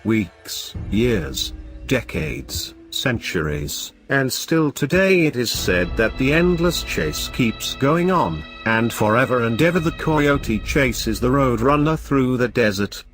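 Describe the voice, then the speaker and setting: A man telling a folklore horror story in an expressive, theatrical way. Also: medium pitch, slow, faint music behind. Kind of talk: dramatic horror narration.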